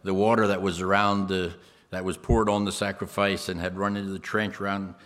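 A man's voice: deep voice, flat delivery, fairly quick, fairly bright tone. A man preaching a sermon, emphatic, repeating phrases and speaking straight to the congregation.

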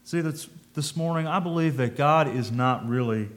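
A man's voice: on the high side, moderate pace. A man giving a conversational sermon, thinking aloud, asking his listeners questions and reading scripture in old-fashioned wording. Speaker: preacher.

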